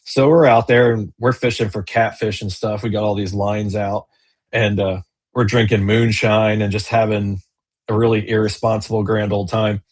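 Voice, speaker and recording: A man's voice: fairly low pitch, level tone, moderate pace. A man, a business owner and kayak angler, chatting casually in an interview over a video call, rambling with fillers and restarts.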